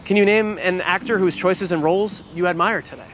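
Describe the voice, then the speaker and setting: A man asking rapid-fire interview questions in an upbeat, teasing way, heard from a distance off-mic. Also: sits high, steady tone, background noise.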